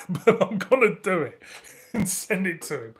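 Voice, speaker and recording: A man's voice: high voice, big pitch swings, takes it slowly, fairly bright tone. A middle-aged man with a northern English accent, chatting casually on a live stream, laughing often and swearing freely. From northern England. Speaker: beer review channel host.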